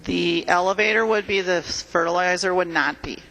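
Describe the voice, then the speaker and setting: Gravelly, bright woman tax chair in a chamber. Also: on the low side, normal speed. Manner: direct, brief answers. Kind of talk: answering questions in a legislative floor debate. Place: large legislative chamber. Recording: long reverb of a large chamber, faint room noise.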